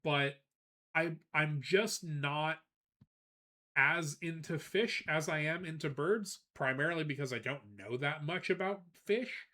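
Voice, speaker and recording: A man streaming live, chatting casually and telling a rambling, animated story with frequent laughs, greeting viewers as he goes. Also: on the high side, unhurried. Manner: greets chat viewers between anecdotes.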